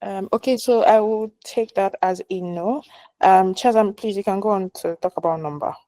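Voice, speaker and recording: Woman, webinar moderator, soft mellow voice, dry call audio. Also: mid-range voice, moderate pace, no echo, rough recording. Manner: polite, prompting attendees. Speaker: session moderator. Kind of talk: hosting a webinar Q&A. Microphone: video call.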